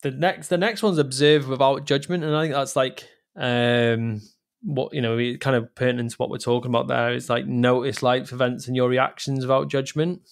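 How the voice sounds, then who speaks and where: A man's voice: mid-range voice, fairly even intonation, moderate pace, creaky. A man co-hosting a casual podcast, his mid-range voice wandering through long, candid thoughts. He restarts sentences often and swears offhandedly while talking openly about feelings. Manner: rambling, emotional, swears casually. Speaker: podcast co-host. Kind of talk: casual chat.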